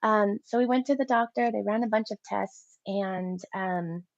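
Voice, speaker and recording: A woman in her thirties, an interview guest giving a personal faith testimony, telling her story in an animated way and acting out her own past thoughts. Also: mid-range voice, moderate pace, no echo. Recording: dull lo-fi dry sound.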